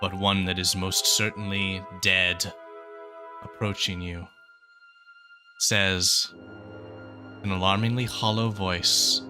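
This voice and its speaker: A man narrating as game master of a tabletop game, in a measured storytelling manner. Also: low voice, little pitch movement, music in the background.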